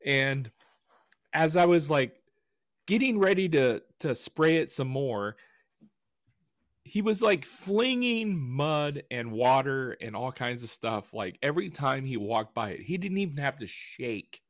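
A man chats casually on a podcast, telling stories with animated quoted lines. His voice sits in a middle register. The sound is dry and close, with no room sound. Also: medium pitch, measured pace, dry recording. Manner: animated storyteller who acts out quotes. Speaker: podcast co-host and woodworker. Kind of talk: casual chat.

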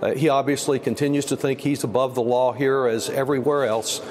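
A man's voice: medium pitch, steady tone, fairly quick, a little mellow. A man from Texas, a congressman, answering a news interview in a pointed, emphatic way with many fillers. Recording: long reverb, faint background noise.

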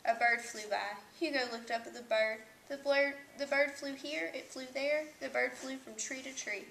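High-voiced woman reading a picture book. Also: moderate pace, creaky, a bit bright, echoey room, slight background noise, rough recording. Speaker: children's book reader.

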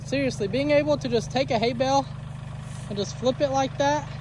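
A high-pitched woman talks her way through a farm vlog, chatting warmly to her cows outdoors. Loud tractor engine noise runs under her voice in this outdoor recording. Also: fairly quick. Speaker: homesteader vlogger. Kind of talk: casual farm vlog narration. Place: outdoors on a pasture with cattle.

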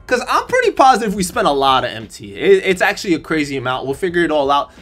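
Sarcastic, energetic young man gaming. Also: fairly high pitch. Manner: energetic, sarcastic, swings to loud excitement. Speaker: gaming YouTuber. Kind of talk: casual gameplay commentary.

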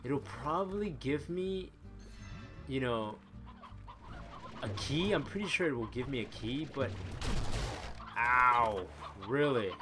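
A man doing excitable, chatty commentary as he plays a video game, thinking aloud and exclaiming often. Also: medium pitch, a little slow, pauses often. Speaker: let's play gamer. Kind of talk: live gaming commentary. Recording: voice over loud game music. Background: game music.

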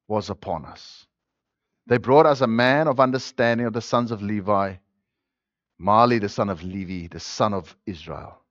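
A male pastor preaching a sermon, swinging between loud, emphatic declarations and quiet, intimate passages. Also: fairly low pitch, no echo. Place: church. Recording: dull, dry lo-fi sermon recording.

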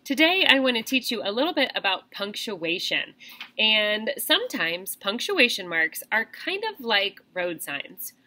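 A young woman teacher explaining reading to small children in an animated, sing-song classroom voice. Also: mid-range voice, unhurried.

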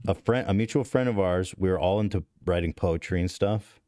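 A man in his thirties with a low, warm voice and a brisk pace hosts a podcast, telling a story to his stream chat. His casual delivery is rambling, profane, and self-deprecating, with frequent restarts, captured in a dry, clean studio recording.

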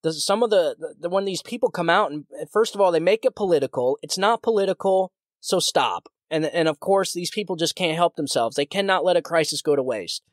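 A man's voice: on the high side, animated, brisk, few pauses, no room sound, clean studio sound. A man hosting his own podcast, talking in a heated, ranting way with many restarts and repeated words. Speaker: podcast host. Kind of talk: solo political commentary podcast.

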